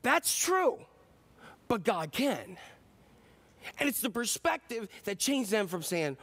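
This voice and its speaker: A man preaching a sermon as pastor, animated and joking with the congregation, acting out shouts and voices. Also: high voice, slow, pauses often. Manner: jokes with the audience.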